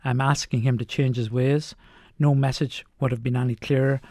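A middle-aged man, a doctor, telling anecdotes in an unhurried way during a radio interview. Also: medium pitch, fairly even intonation, warm tone, no echo, studio quality. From Ireland. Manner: anecdotal, unhurried, lists points.

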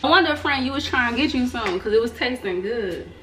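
A woman's voice: a little high, lively intonation, quick pace, a bit bright, a little hiss or hum. Playful chatty young woman vlogger. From American South. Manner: playful, chatty, talks to the viewers as friends. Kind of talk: casual chat to camera.

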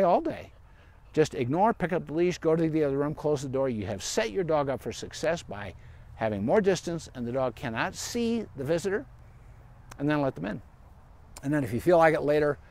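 A man with a fairly high speaking voice talks through dog training advice in a loose, chatty way, full of asides and fillers. He sounds like a veterinarian fielding live questions outdoors in a park. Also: a little mellow. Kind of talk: casual live-stream Q&A.

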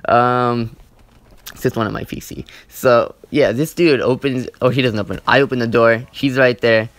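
A man's voice: medium pitch, normal speed, no room sound. Young man rambling, cursing, dry sound. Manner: rambling, profane, heavy use of "like" and "you know". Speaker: gaming channel host. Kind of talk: casual storytime over gameplay.

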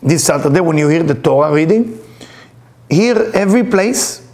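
Gravelly animated spiritual teacher. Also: male voice, on the high side, normal speed. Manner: animated, acts out voices in his stories; uses non-native English grammar. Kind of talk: storytelling lecture.

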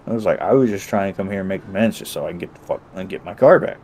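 A man's voice: low-pitched, very fast, darkish tone, slight background noise, low-quality recording. A man casually recounting a roleplay session, acting out both sides of the conversation and swearing freely. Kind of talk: casual chat.

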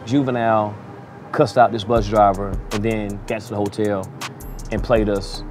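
A man's voice: lowish voice, flat delivery, normal speed, over music. A man working as a DJ tells a wild story in a casual, profane way, chuckling as he goes. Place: outdoors in a city.

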